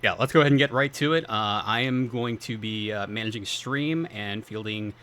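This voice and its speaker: A man's voice: on the low side, moderate pace, a bit bright, clear, resonant tone. Upbeat man hosting a panel. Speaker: panel host and stream manager. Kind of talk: panel introduction.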